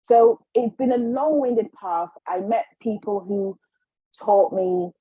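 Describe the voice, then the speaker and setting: A woman being interviewed as a guest healer, telling her story in a lively way and acting out the voices of the people in it. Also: medium pitch, slow, breathy edge, no room sound. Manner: animated, acts out quoted voices. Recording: slightly dull lo-fi recording.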